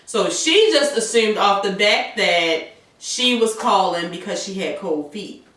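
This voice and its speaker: A woman talks through a TV episode in casual chat, animated and swearing freely as she acts out the characters' lines. She sits some way back from the mic in an echoey room. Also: mid-range voice, measured pace, recorded from a distance. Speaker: co-host recapping a TV episode.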